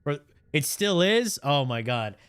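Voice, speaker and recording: A man livestreaming and reacting in a casual chat, animated and profane, with his pitch swinging up and down. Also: a little slow, clean tone, dry recording, clean studio sound.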